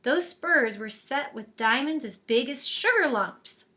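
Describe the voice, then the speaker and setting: Storyteller: woman, high and bright, lively read-aloud. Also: unhurried. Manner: lively, expressive reading voice.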